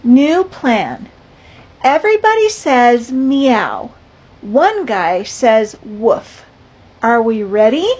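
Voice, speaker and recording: An older woman voicing a bossy, exasperated cat in a storybook read-aloud, loud and emphatic, with a husky voice. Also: on the high side, sing-song, extremely slow, heavily acted. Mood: insistent. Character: bossy cat insisting everyone meow.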